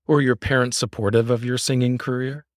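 Male podcast interviewer, soft-spoken and reflective, with a dry studio sound. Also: mid-range voice, flat delivery, brisk, no echo. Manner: gentle, with reflective summarizing. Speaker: singer.

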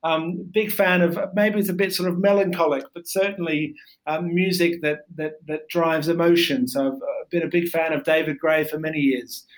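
A man's voice: on the high side, steady tone, normal speed, low-quality recording. A man from Australia, a podcast guest talking casually, with many fillers and restarts. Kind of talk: casual interview chat.

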